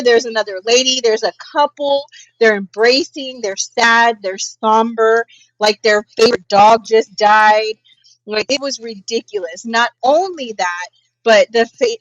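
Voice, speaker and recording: Animated, profane woman recapping gossip. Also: on the high side, unhurried, dry recording, muffled recording. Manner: animated, profane storytelling with frequent laughs. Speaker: podcast co-host. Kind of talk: casual pop culture chat.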